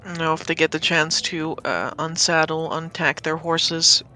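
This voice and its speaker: A woman's voice: deep voice, fairly even intonation, normal speed, bright, forceful tone, soft background music, rough recording. A woman acting as dungeon master, narrating a tabletop game in a playful, chatty way. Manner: playful and chatty, often laughing.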